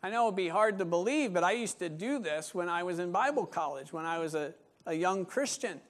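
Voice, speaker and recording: A man, a pastor, preaching a sermon in a lively manner and acting out what members of the church might say. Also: sits high, fairly quick. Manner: animated, acts out voices of church members.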